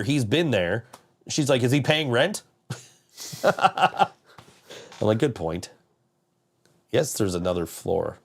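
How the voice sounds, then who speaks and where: A man's voice: mid-range voice, animated, measured pace, creaky, pauses often. A man hosting a podcast, telling a rambling story in casual chat, laughing often and swearing freely. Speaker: podcast host.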